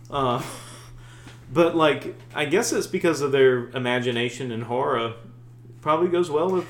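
A man co-hosting a podcast in casual chat, animated and swearing freely, slipping into mock voices. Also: mid-range voice, moderate pace, reverberant, a little hiss or hum. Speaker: podcast co-host.

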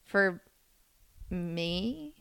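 A woman's voice: fairly low pitch, lively intonation, gravelly, a bit bright, clear, resonant tone, no echo. Playful woman chatting with her sister. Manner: playful and quick, breaking into laughter. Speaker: co-host sister. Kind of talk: casual chat.

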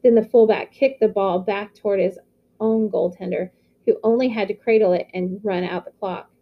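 Lady reading a middle grade novel out loud, steady, mid pitch, slightly muffled audio. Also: moderate pace. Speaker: audiobook reader. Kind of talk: novel read-aloud.

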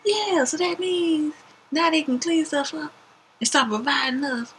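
A woman voicing a cheerful, spaced-out male coworker, high and drawn out. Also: measured pace, a bit bright, faint music behind. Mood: oblivious.

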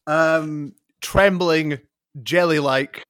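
A man co-hosting a podcast, amused, making slow casual remarks. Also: a little high, a bit bright, no echo, clean studio sound. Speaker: podcast co-host. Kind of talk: casual banter.

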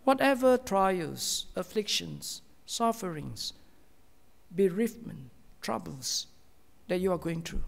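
A man delivers a sermon from the pulpit in a high, gravelly voice. He speaks slowly and earnestly, pausing often and sinking into a soft, hushed tone. A long reverb trails his words, as in a church hall. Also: animated. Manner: slow, earnest preaching with many pauses, often dropping to a soft, hushed tone. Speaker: pastor.

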